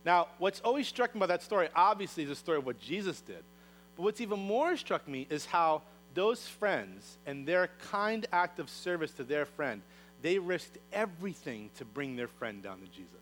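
Lively animated male preacher. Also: fairly high pitch, normal speed, soft background music, low-quality recording. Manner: lively, acts out the characters' lines in voices. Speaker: pastor. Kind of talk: animated sermon storytelling.

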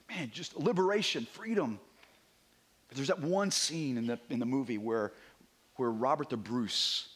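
A man preaching a sermon as a visiting pastor, animated and conversational, sometimes dropping to a hushed near-whisper for emphasis. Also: mid-range voice, slightly rough. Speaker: guest preacher.

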